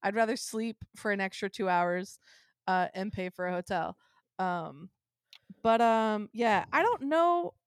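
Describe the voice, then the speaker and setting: A woman's voice: mid-range voice, lively intonation, measured pace, clear, resonant tone, dry recording, studio quality. A woman co-hosting a podcast in casual chat, rambling along with lots of ums and frequent laughs. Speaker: podcast co-host.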